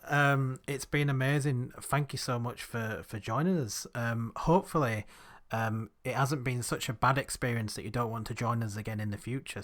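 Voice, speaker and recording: A man's voice: mid-range voice, fairly bright tone. A man hosting a podcast, steering the conversation in an upbeat, casual way. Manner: upbeat, leading the wrap-up. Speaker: podcast host.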